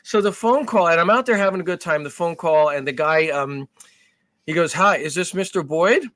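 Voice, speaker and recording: A man co-hosts a podcast, swearing freely as he tells an animated story. His voice sits a little high for a man. The sound is dry and close, with no room echo. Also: brisk. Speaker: podcast co-host. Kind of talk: casual chat.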